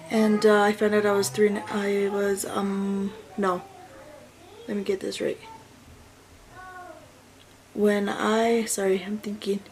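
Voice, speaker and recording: Gravelly-voiced woman telling a story. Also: medium pitch, a little mellow, slight background noise, poor audio. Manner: chatty, self-correcting, rambling with fillers. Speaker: vlogger and mother. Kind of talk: casual story time.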